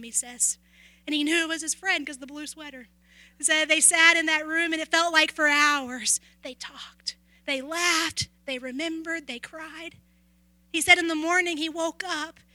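A woman preacher with a high, very bright and keen voice, recorded close and dry with no room sound. She tells stories in an earnest way and sometimes drops to a near whisper to stress a point. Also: no echo. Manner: earnest storytelling, dropping to a hush at key moments. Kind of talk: sermon with personal stories.

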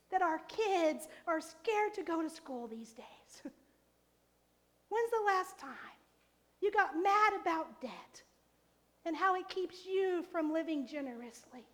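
Woman pastor, sermon, very high voice, slow deliberate delivery, impassioned. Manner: impassioned preaching, rising to fiery exhortation.

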